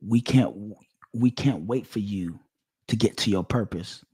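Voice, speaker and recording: A man's voice: fairly low pitch, moderate pace, breathy edge. Preachy, emphatic man. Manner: emphatic, repetitive, sermon-like cadence. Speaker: online commentator. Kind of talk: preachy direct-to-camera monologue.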